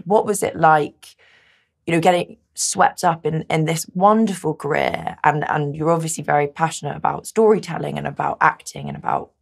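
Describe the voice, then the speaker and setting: A woman's voice: low-pitched, gravelly. A woman interviewer asking long, tentative questions with frequent hedges. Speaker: magazine interviewer. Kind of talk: conversational interview.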